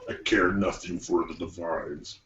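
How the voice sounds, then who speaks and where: Player: man, very deep voice, echoey room, faint hiss in the background. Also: steady tone, measured pace, a bit bright. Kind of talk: tabletop game play. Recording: roomy lo-fi recording with faint ambience.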